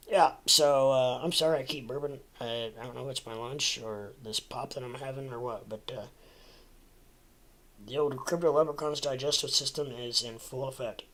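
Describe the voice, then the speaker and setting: A man at an average pitch hosts a casual crypto livestream. He rambles from one thought to the next, leaning on fillers and restarting his sentences. His asides are chatty and jokey. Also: fairly bright tone, poor audio.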